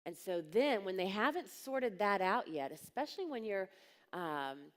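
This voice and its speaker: With a mid-range, sing-song voice at a slightly slow pace, a woman addresses a large conference hall on coaching. She's a coaching business speaker who relates stories bluntly and directly, acting out the voices of people she quotes.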